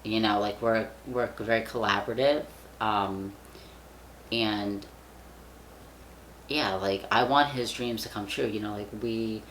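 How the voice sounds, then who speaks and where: A man's voice: fairly low pitch, fairly even intonation, a little slow, long pauses, fairly bright tone, a little hiss or hum. A young man vlogging in casual chat, rambling with lots of fillers and casual swearing. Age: young adult.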